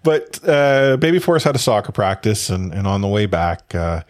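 A young man, a father, chatting casually as a podcast co-host, rambling with many halting restarts. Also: fairly low pitch, sing-song. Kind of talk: casual chat.

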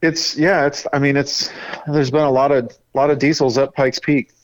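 A man who races a diesel truck, telling his race story in a casual podcast chat with quick, animated delivery and frequent laughs. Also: medium pitch, noisy background. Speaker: racing driver guest.

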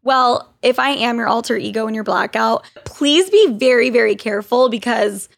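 Excitable young woman podcast host, gravelly. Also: on the high side, normal speed, no echo. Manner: excitable, swears freely, valley girl voice. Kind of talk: casual podcast chat.

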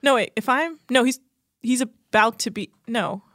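A woman's voice: a little high, normal speed, fairly bright tone, no echo. Chatty sarcastic young woman, dry sound. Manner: chatty, filler-heavy, sarcastic. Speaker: podcast co-host. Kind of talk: casual chat recapping a reality show.

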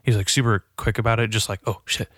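A man's voice: lowish voice, little pitch movement, fast, a bit bright, dry recording, studio quality. A young man ranting casually from his apartment, rambling and profane, mocking himself as he goes. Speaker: vlogger. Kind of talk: casual profane rant to camera. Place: apartment at home.

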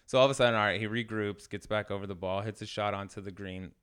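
A man's voice: fairly low pitch, fairly even intonation, fast, fairly bright tone, clean tone. A man co-hosting a casual sports podcast in a studio, telling rambling anecdotes and correcting himself as he goes. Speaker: podcast co-host. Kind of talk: casual storytelling chat.

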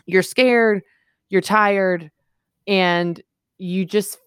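A woman's voice: mid-range voice, steady tone, very slow, smooth, no echo, studio quality. A woman in her thirties, a guest author on a podcast interview, telling stories earnestly and with emphasis.

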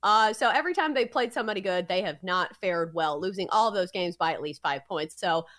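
A woman's voice: fairly low pitch, a little fast, a bit bright, faint music behind. A woman co-hosting a sports betting podcast, chatty and teasing in casual banter.

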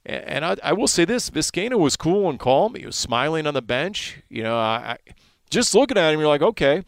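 A man working as a sideline reporter, chatting on a sports radio show and telling animated stories, his voice jumping up when he gets excited. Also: fairly high pitch, brisk, smooth, no echo. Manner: animated storytelling, voice jumps up in excitement.

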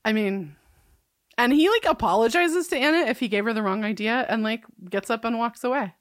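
A woman co-hosting a casual rewatch chat, relaxed and wry, recapping the plot with dry asides. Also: fairly high pitch, a little fast, no room sound. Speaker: podcast co-host.

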